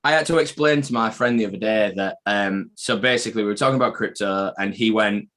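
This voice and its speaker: A man's voice: fairly low pitch, fast talker, a bit bright. A man co-hosting a podcast live stream, chatting casually, swearing freely and rambling through anecdotes. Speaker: podcast co-host.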